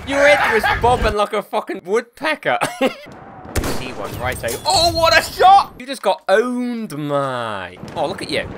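A man commentating his gameplay casually, excitable, swearing and laughing constantly. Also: high-pitched, measured pace, heavy background noise. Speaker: gaming channel host. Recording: game sounds loud behind voice.

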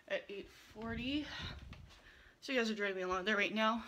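A woman's voice: a little high, moderate pace, background noise. A young woman chatting casually to her viewers while she does chores, a bit out of breath. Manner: chatty, self-deprecating, addresses viewers directly. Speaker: vlogger. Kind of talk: casual vlog chat. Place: at home, then in a car. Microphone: phone camera on a selfie stick.

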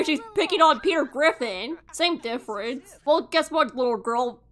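A woman narrating her game in loose, unscripted commentary, swearing freely and breaking into laughter. Her voice sits high and swoops widely up and down. It has a bright, sharp edge, and she keeps jumping into mock-outraged shouts. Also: expressive, normal speed, hardly any pauses. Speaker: gaming YouTuber. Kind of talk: casual gameplay commentary.

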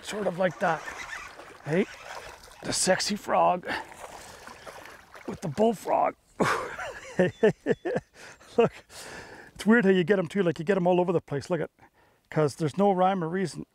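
Excitable fishing host. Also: male voice, high-pitched, measured pace, pauses often. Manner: excitable, salesy, punchy phrases. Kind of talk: on-the-water fishing commentary. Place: outdoors on a boat on a lake.

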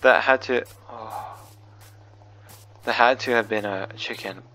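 A man's voice: on the low side, steady tone, slow pace, sharp tone. A man giving spooked gameplay commentary, jumpy and nervous, often repeating himself. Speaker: gaming video creator. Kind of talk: horror game commentary.

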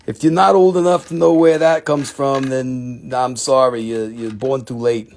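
Gravelly joking man selling rocks. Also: medium pitch, steady tone, measured pace, darkish tone. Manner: playful, profane, laughs often. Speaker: host of a live mineral sales show. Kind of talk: joking live sales pitch.

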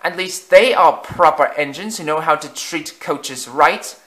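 A man voicing an old, creaky brake coach that complains primly in a storybook reading. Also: a little high, a little slow, pushed and bright, pitched above the performer's own voice. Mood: indignant.

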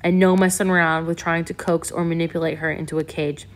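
A woman's voice: fairly low pitch, little pitch movement, fast, natural voice. A woman voicing a commanding, urgent male ship leader in an audiobook, speaking in clipped orders.

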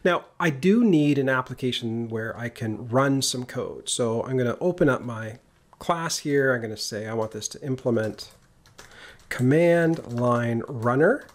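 A male programming instructor with a medium-pitched, animated, unhurried voice walks through a screen-recorded coding tutorial. His delivery is casual and full of jokes, and he talks as he types each step.

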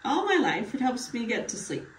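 A woman's voice: a little high, big pitch swings, moderate pace, a little hiss or hum. A woman playing a retired older male patient with a bad cough in a mock doctor-patient role-play, giving short plain answers. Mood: tired. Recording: echoey room, far from mic, faint ambience.

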